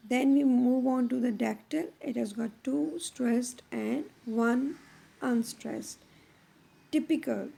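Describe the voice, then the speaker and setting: A woman teaching poetry in a slow, deliberate lecture. Her voice is heavily gravelly with fry, sitting a little high. She pauses often between short phrases as she explains. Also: warm tone.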